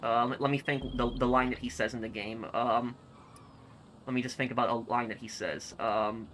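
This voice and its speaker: A man streaming and reading comments aloud in casual chat, halting and repeating words as he goes. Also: medium pitch, fairly even intonation, a bit bright, slight background noise, low-quality recording.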